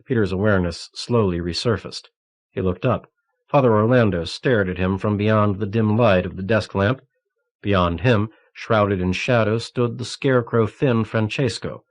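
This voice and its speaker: Low-voiced man narrating an audiobook. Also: normal speed. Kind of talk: scripted narration. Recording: cassette audiobook transfer.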